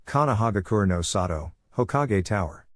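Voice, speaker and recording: Male narrator, fan fiction reading, steady, lowish voice, dry close sound. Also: moderate pace, no room sound.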